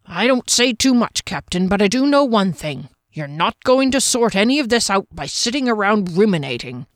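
Gruff straight-talking dwarf guy, dry close sound, lady reading it. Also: medium pitch, sing-song, normal speed, no echo, lightly acted. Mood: insistent. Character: gruff blunt male dwarf, older.

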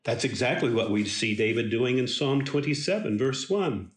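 A man giving a devotional Bible teaching in a slow, emphatic and earnest way. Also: mid-range voice, lively intonation, reverberant.

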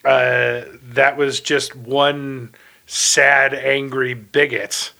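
Casual podcast talker, a man with a bright, forceful voice who rambles through his stories with plenty of fillers. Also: mid-range voice, flat delivery, extremely slow, creaky. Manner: rambling, many fillers and restarts.

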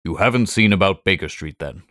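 A brilliant middle-aged detective, read by a man, speaks calmly and with measured, faintly superior poise. The voice sits very low. The sound is dry and close, with no room around it. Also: dry recording. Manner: calm, measured, quietly superior. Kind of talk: audiobook character voice.

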